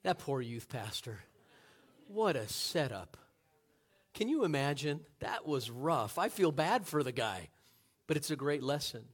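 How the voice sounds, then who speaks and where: An earnest male pastor delivering a sermon to his congregation. He builds to emphatic peaks and asks rhetorical questions, in a slightly high voice. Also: lively intonation, measured pace.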